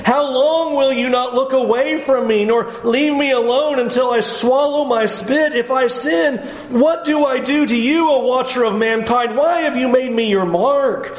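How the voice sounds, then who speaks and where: A man's voice: extremely high pitch, measured pace, hardly any pauses, reverberant, voice pushed up, poor audio. A man voicing an anguished suffering man who pleads with God in exasperation. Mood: exasperated.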